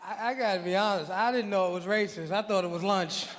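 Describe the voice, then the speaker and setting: A man with a high, bright voice tells a self-mocking story, chuckling as he goes. He speaks from a live stage. The hall rings with some echo and audience noise. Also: fast. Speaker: stand-up guest. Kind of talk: stand-up storytelling.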